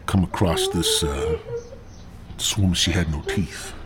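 A man's voice: deep voice, huge pitch swings, unhurried, a crowd in the background. A man hosting a podcast, rambling through a crude, profane comic story in a stoned drawl. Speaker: podcast host.

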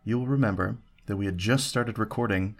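A man's voice: fairly low pitch, a little fast, gravelly. A man hosting a casual food review podcast, playful and theatrical, full of puns. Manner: playful, punning, theatrical storytelling. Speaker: podcast host.

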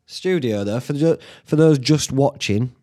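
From a small home studio, a man hosts a solo podcast, rambling chattily, swearing casually and laughing at himself. His mid-range voice has lively intonation and a warm tone, and he takes his time.

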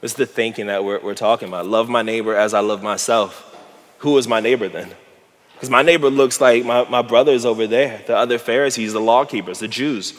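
A man preaching a casual, slangy sermon, animated and laughing often as he retells a Bible passage. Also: mid-range voice, fairly quick. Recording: hall reverb.

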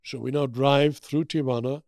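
Older man, German accent, gravelly, dry close sound, lively storytelling. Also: mid-range voice, moderate pace, no echo. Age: 80s. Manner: animated anecdotes with acted-out quotes. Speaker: guest. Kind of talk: storytelling interview.

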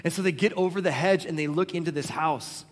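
A male pastor delivers a sermon in a high, light voice. He keeps it conversational and animated, slipping into the voices of the people in his stories. His words carry a long reverb, as if spoken in a large church auditorium. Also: a little fast.

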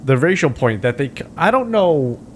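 A man's voice: a little high, sing-song, moderate pace, slight background noise. A man in casual chat, animatedly retelling a film scene with plenty of swearing.

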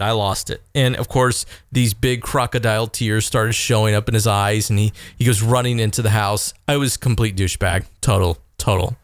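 A man in his thirties hosting a podcast, telling a self-deprecating story in a casual, animated way. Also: medium pitch, clean tone, no echo, clean studio sound. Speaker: podcast host.

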